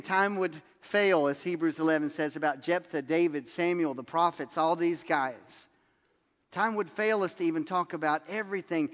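High-voiced preacher in an echoing hall. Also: male voice. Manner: animated storytelling, acts out quotes with laughs. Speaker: pastor. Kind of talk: sermon.

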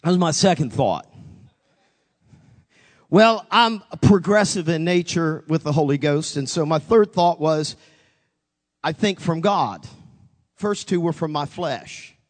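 Brief: male pastor, high voice, dramatic storytelling preacher, big reverberant hall. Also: slow pace, pauses often. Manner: dramatic storytelling, acting out his own voice and God's with wide pitch swings. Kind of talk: sermon. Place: church sanctuary.

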